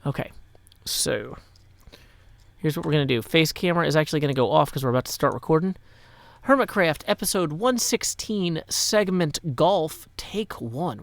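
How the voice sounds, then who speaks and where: A man's voice: on the high side, expressive, vocal fry, a bit bright, dry recording. A man from Nashville, Tennessee, hosting a casual live game stream, playful with rhyming asides, tired after a long day. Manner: playful, rhyming asides and quick number-talk.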